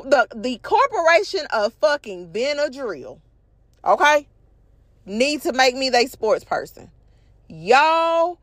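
A high-voiced young woman with a drawl and a stuffed-up, allergy-congested sound rants to her viewers in a casual, swear-filled way. The recording is close and dry, with no room sound around her. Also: dry recording. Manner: profane, animated, addresses viewers as y'all. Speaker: vlog host. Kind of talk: casual storytelling rant.

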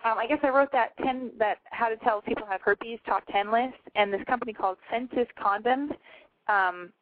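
Woman, call-in host, casual chat, blunt and profane, fairly high voice, thin phone-like audio. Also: normal speed, a little hiss or hum. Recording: tinny phone-like sound.

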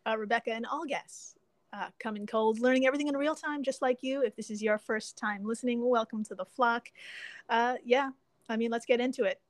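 A woman hosting a casual podcast, who laughs often, swears freely and tells facts with animated enthusiasm. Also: a little high, a little fast, no room sound. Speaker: podcast host.

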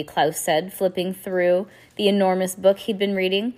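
A woman reading a novel aloud, expressive, with occasional slips and restarts. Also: medium pitch, measured pace, few pauses. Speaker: reader.

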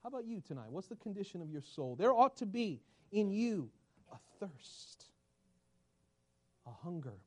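High-voiced man preaching a sermon. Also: animated, measured pace, pauses often. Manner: preaching with big swings from loud to hushed. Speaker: pastor.

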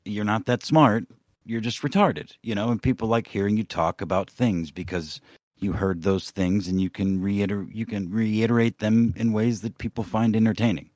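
A man's voice: on the low side, moderate pace, a little mellow, dry recording, studio quality. A man co-hosting a podcast in casual chat, ranting with lots of swearing and rambling asides. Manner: profane, rambling rants. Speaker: podcast co-host.

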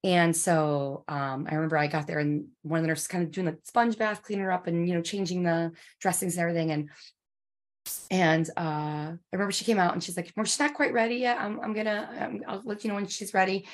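A woman in her forties telling a personal story in an emotional, halting way, with many fillers and restarts. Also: fairly low pitch, steady tone.

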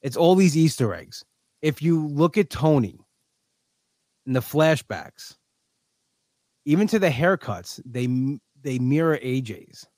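A man hosting a podcast, chatting casually and animatedly, often acting out scenes in quick put-on voices. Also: on the high side, expressive, a little mellow, no echo. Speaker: podcast host. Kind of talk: casual chat.

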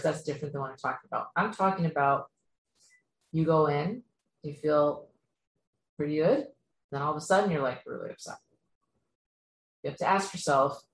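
A woman giving an earnest spiritual teaching talk, speaking straight to the listener and often checking in with "okay?". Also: sits low. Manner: earnest, repetitive, addresses listener directly with frequent "okay?". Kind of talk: instructional talk to camera. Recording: echoey room with faint ambient noise.

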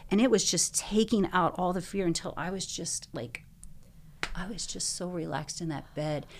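A young woman, a guest in an interview, telling her own story earnestly, full of "like"s and quick bursts. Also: fairly low pitch, slight background noise.

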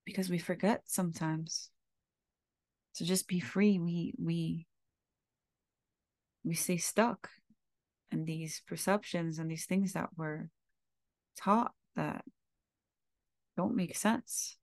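A woman with a lowish voice full of gravelly fry talks openly from the heart as host of her own show. Her delivery is confessional and unguarded, with the occasional casual swear, and the sound is close and dry with no room around it. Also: fairly even intonation, slow, pauses often, no room sound. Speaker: podcast host. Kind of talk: candid reflective monologue.

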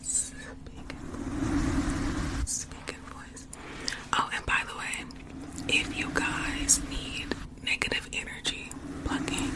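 A young woman whispering gently and repeating soft phrases as an ASMR live streamer. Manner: gentle, repetitive, soothing whispers.

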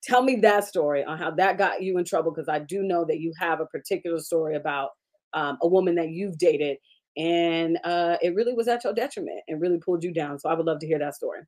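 A woman's voice: fairly low pitch, fast talker, darkish tone. Chatty enthusiastic woman host. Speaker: podcast host. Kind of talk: casual interview chat.

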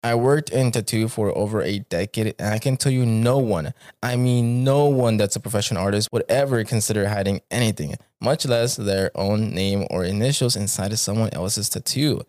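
A man's voice: on the low side, normal speed, darkish tone, no room sound, studio quality. A man hosting a podcast, reading stories aloud in a laid-back, casual way and swearing freely.

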